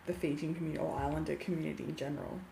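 Frank woman podcaster, lowish voice. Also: fairly even intonation, racing, gravelly, mellow. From Australia. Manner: candid, laughing, swears casually. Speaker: podcast co-host. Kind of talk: casual chat. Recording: echoey room, faint noise.

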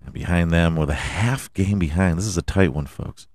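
A man hosting a sports podcast, running through the standings with crude jokes, sudden loud outbursts, sing-song bits and laughter at his own gags. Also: sits low, moderate pace, no room sound, studio quality. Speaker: podcast host. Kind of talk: profane comedic sports rundown.

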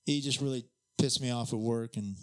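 A man's voice: medium pitch, fairly even intonation, brisk. Laughing man telling a work story. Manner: laughs often, acts out quotes. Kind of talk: casual chat.

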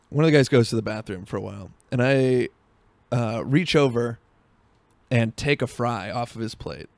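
A young man hosting a podcast tells a rambling, profane story while driving, in a casual monologue packed with fillers. His voice is mid-range, and there's no room sound.

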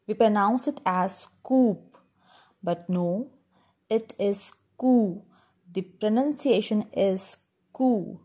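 A woman's voice: medium pitch, mellow. A woman teaching schoolchildren how to pronounce words, spelling each one out letter by letter and repeating it with a patient, instructive manner. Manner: instructive, addresses class directly. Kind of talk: pronunciation lesson for schoolchildren.

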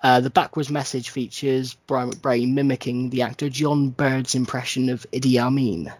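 A man's voice: mid-range voice, moderate pace, husky. A man co-hosting a podcast, chatting casually and a bit sleepily. He swears a lot and slips into silly mocking voices. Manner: sweary, animated, mimics people in silly voices. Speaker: podcast co-host. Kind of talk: casual chat.

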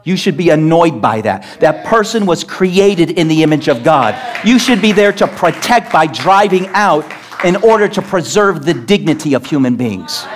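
A man preaches from the pulpit with emphatic, scolding force, firing off rhetorical questions. His voice sits a little high for a man. He sounds like a pastor mid-sermon in a church. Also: very animated, moderate pace, slight background noise. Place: church sanctuary.

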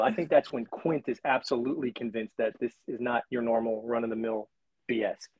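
A man's voice: medium pitch, fairly even intonation, fairly quick, husky, dry recording, lo-fi sound. A man in casual movie chat, talking with emphatic exaggeration. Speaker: podcast co-host.

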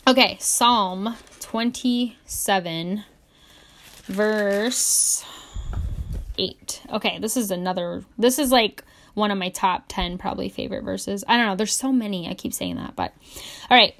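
A young woman talks through scripture in an earnest, conversational way, leaning on "like" and "um" as she goes. When she reads a verse she slows down and spells it out with care. Her voice sits at an ordinary middle pitch. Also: a bit bright. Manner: conversational and earnest, many "like" and "um" fillers; reads scripture slowly and deliberately. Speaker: Christian YouTuber teaching on the Bible. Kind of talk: casual Bible teaching.

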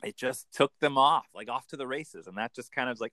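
A man working as an accent coach, chatting in an animated, storytelling way. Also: mid-range voice, no room sound. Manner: animated, lively storytelling with quick bursts into put-on voices. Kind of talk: casual interview chat.

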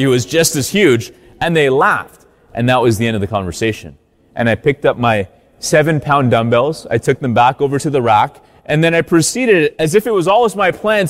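A man's voice: on the high side, long reverb tail. A man, a Catholic priest, giving a sermon in a conversational storytelling way.

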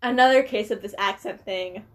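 A woman's voice: medium pitch, normal speed. A young American woman chatting casually with a friend, often trailing off mid-thought. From United States. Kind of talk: casual chat.

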